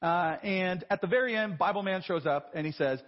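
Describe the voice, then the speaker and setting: A man's voice: high voice, fairly quick. A man in his thirties preaching a sermon in a church. He talks in a conversational, self-deprecating way and often asks rhetorical questions. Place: large church. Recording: dull live broadcast with long church reverb.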